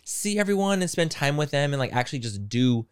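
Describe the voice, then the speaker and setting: A man's voice: a little high, animated, fairly quick, clean tone. A man co-hosting a podcast in a studio, chatting casually, laughing often and swearing freely. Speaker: podcast co-host. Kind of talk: casual chat.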